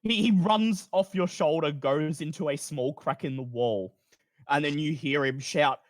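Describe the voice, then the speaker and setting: A man's voice: fairly high pitch, unhurried, no echo, clean studio sound. A man narrating a tabletop game as game master, in a casual, plain-spoken way.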